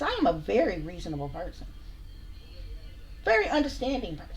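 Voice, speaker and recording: A woman's voice: medium pitch, huge pitch swings, fairly quick, pauses often, soft background music. Blunt, profane woman ranting to viewers. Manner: blunt, profane, sassy, repeats herself. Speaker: channel host, spiritual reader. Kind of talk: heated casual rant to camera.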